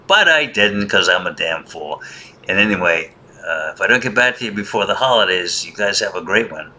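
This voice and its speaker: A man's voice: deep voice, sharp tone, slight background noise. A man hosting a casual monologue, rambling and wry, grumbling in a joking way. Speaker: host.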